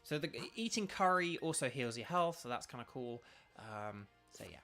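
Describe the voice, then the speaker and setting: A man's voice: medium pitch, expressive, moderate pace, bright, forceful tone, soft background music. A young British man chatting casually while streaming a video game, rambling with lots of ums and restarts. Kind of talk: casual live-stream chat.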